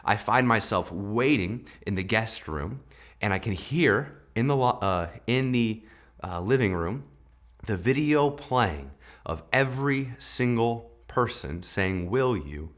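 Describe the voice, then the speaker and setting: A young man hosting a devotional talk, telling a personal story in a conversational way with lively swings in loudness. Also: lowish voice, slow pace. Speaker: devotional host.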